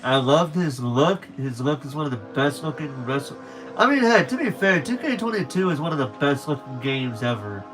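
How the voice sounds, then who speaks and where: A man's voice: fairly high pitch, a bit bright. A young man chatting casually to viewers on a late-night stream, rambling and correcting himself as he goes.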